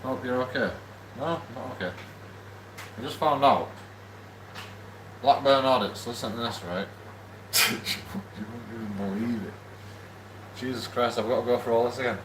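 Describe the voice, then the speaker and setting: A man's voice: mid-range voice, measured pace, long pauses, echoey room, background noise. A man, drunk and angry, ranting rambling and swearing to camera in a vlog from a shared house. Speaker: YouTube channel host.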